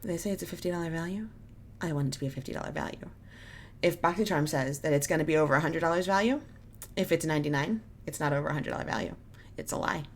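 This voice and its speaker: Chatty woman with a gravelly low voice. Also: slight background noise. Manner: chatty, wry, self-mocking, talks through her math. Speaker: beauty vlogger. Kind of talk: casual unboxing chat. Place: home.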